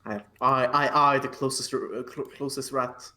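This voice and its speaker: A man's voice: mid-range voice, steady tone, normal speed, bright, forceful tone. A man playing a tabletop game, talking casually and stumbling over his words. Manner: hesitant, stumbling over words, laughs often. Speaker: player.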